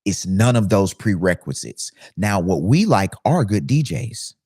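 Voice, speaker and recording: A man's voice: low voice, big pitch swings, a little slow, darkish tone, husky, no room sound. Man, DJ, casual rant, rhetorical questions, dry close mic. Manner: conversational ranting, rhetorical questions. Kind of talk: casual monologue to camera.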